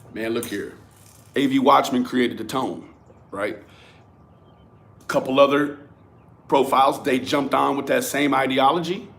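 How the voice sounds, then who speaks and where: A man's voice: medium pitch, creaky, fairly bright tone. A young man hosting a livestream, ranting profanely and calling out chat commenters by name. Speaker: livestream host.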